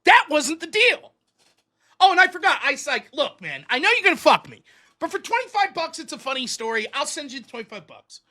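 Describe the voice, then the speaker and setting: Male host, high and very lively voice, self-mocking storyteller who acts out dialogue. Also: brisk. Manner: animated, acts out both sides of dialogue. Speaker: livestream show host. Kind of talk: casual storytelling.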